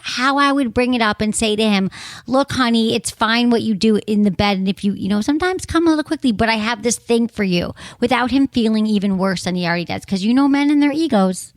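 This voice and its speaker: A nervous wife phones in to a radio show, as a woman puts her on, her Michigan accent showing. She talks high and hesitant, stopping and restarting with lots of fillers. The sound is close and dry. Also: no echo, natural voice. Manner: halting, embarrassed, many fillers and restarts. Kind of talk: comic role-play.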